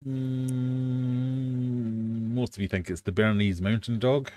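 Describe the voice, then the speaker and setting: A British man hosting a casual live quiz stream from his fish room, playful and quick to joke at himself. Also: medium pitch, warm tone, smooth, no room sound. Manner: playful, jokey, laughs at himself.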